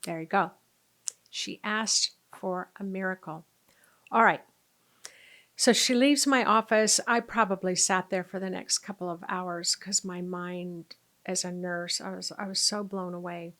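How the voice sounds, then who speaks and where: A woman's voice: lowish voice, steady tone, measured pace, a bit bright. A woman who works as a spiritual healer and was once a nurse, telling a story to camera. She talks with animation, acts out quoted lines and sometimes drops to a near whisper.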